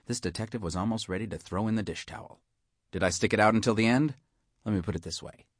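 A man's voice: lowish voice, dry recording, clean studio sound. Wisecracking hard-boiled storybook narrator, man. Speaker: audiobook narrator. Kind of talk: scripted first-person story narration.

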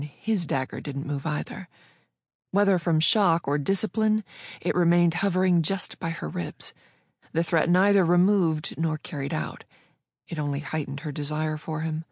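A narrator reading a fiction audiobook at an even, measured pace. The voice sits in a middle pitch, and the recording is dry with no room echo. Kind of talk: scripted narration.

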